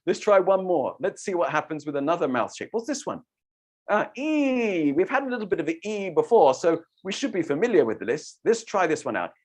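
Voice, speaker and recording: A storytelling teacher leading an online workshop, demonstrating voices and mouth shapes with animated delivery. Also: medium pitch, a little fast.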